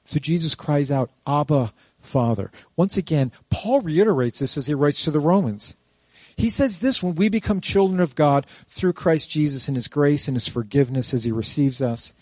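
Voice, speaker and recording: A man's fairly high voice carries a pastor's sermon, recorded dry and close. He preaches animatedly, tossing rhetorical questions to the congregation and slipping in playful jokes. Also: lively intonation, moderate pace, a little mellow, no room sound.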